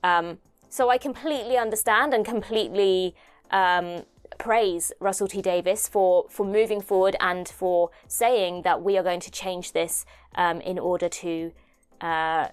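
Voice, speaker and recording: A woman's voice: on the low side, fairly even intonation, unhurried, clean tone. A young woman from the United Kingdom hosting a casual video commentary, chatty and self-deprecating, thinking aloud as she talks. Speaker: host.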